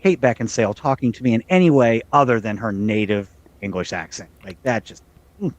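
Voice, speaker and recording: Chatty male podcast co-host. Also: brisk. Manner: chatty, jokey, drifting pitch when excited. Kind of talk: casual chat.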